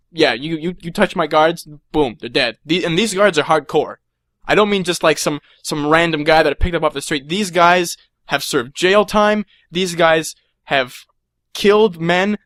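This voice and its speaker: A man's voice: on the high side, no room sound. Stammering young man on a comic rant. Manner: excitable, stammering, acts out voices. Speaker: comedic storyteller. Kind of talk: rambling comedic rant.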